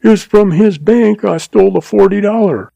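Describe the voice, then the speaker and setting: A man's voice: sits high, moderate pace, vocal fry, warm tone, no echo, pitched above the performer's own voice, full character voice. A man voicing a cringing, terrified little male telegraph agent in a western audiobook, pleading in a quavering, blubbering voice.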